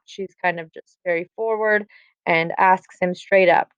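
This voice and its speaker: A woman's voice: fairly low pitch, fairly even intonation, measured pace, smooth, no room sound. A young woman explaining a play in casual, chatty paraphrase, with fillers and wry asides. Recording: dry, slightly dull recording.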